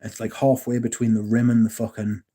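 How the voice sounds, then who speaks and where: A relaxed, dark-toned English man talks loosely to his livestream chat. He rambles, trips over his words and corrects himself, then drops in a casual swear or a joke. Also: mid-range voice, fairly quick. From England. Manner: rambling, self-correcting, jokey and profane. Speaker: livestream host.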